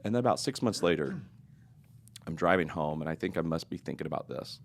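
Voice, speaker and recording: Expressive and brisk, this middle-aged man's extremely deep voice carries a rough, gravelly fry. He opens up about his own life in a podcast interview, earnest and confessional in a reflective mood.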